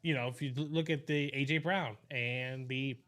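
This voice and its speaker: A man co-hosting a live stream, energetically pitching to viewers in casual chat. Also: steady tone, normal speed, a bit bright.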